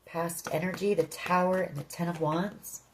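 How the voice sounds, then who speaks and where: Lady doing a tarot reading, kinda low voice, talking right to you. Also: steady tone, moderate pace, slight background noise, low-quality recording. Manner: earnest, addresses listener directly. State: emotional. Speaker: tarot reader.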